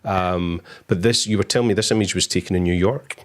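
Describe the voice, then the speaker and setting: A man hosting a casual live-stream interview, relaxed and easygoing with plenty of fillers. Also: low voice, fairly quick. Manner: relaxed, filler-heavy, chuckles. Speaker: host.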